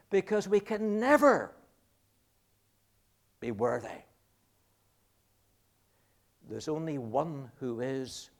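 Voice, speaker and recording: A middle-aged man preaching a sermon, slow and deliberate, drawing out key words for emphasis. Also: on the high side.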